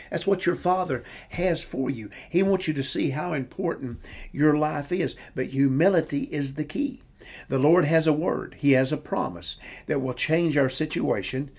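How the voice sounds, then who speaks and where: A man preaching a sermon, reading scripture aloud and repeating phrases with slow, deliberate emphasis. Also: mid-range voice, darkish tone.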